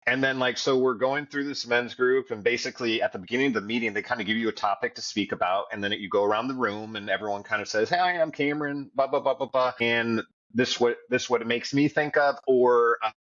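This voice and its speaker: A man's voice: mid-range voice, fairly quick, fairly bright tone, highs cut off. A man co-hosting a podcast, telling his story of getting sober in a blunt, profane way. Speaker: podcast co-host. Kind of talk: candid recovery podcast conversation.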